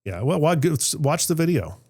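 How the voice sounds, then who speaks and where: A man hosting a podcast, telling a personal family story in a reflective, emotional way, often trailing off softly, with a Middle Tennessee accent. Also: fairly high pitch, very animated, a little fast, husky, no room sound, clean studio sound. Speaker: podcast host. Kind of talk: candid conversational storytelling.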